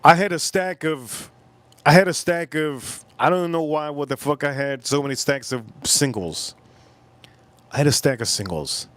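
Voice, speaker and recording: A man's voice: fairly high pitch, moderate pace, a bit bright, no echo. A man hosting a livestream, telling a rambling story in a casual way, often repeating phrases and swearing in passing. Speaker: livestream host.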